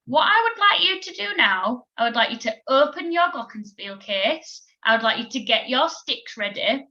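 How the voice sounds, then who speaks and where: A woman teaching a recorded children's music lesson, giving clear, encouraging instructions and counting beats aloud. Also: sits high, big pitch swings, normal speed, sharp tone, highs cut off. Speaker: primary school music teacher.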